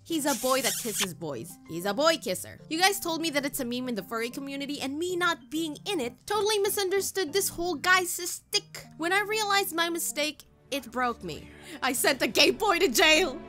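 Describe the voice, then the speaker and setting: A woman's voice: sits high, bright, forceful tone. A woman YouTuber telling a comedic storytime in a dramatic, self-mocking way.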